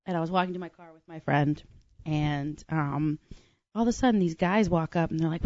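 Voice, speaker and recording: A woman's voice: medium pitch, normal speed, dry recording. A woman chatting candidly with friends, telling a rambling story full of "like" and restarts. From family from Ireland. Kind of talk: candid casual chat. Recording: dull lo-fi dry sound.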